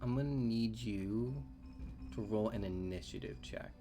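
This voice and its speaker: A man running a tabletop campaign in a slightly low voice. He hesitates often, filling gaps with "um" and "like" as he explains rules. Clear background music plays throughout. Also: unhurried. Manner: hesitant, lots of "um" and "like". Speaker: game master. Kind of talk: narrating a tabletop game.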